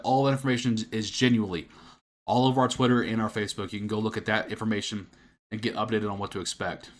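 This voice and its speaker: A man's voice: fairly low pitch, fairly even intonation, fast. Guy doing live storm updates, out of breath, kinda repeats himself, answers chat. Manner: casual, repeats himself, reads out chat names. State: out of breath, straining his voice. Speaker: weather forecaster on a livestream. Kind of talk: live weather coverage answering viewer comments.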